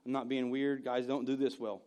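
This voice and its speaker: A man preaching a sermon, telling personal stories and moving between loud bursts and hushed moments. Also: medium pitch, level tone, a little fast. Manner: storytelling, swings from loud to hushed. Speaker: pastor.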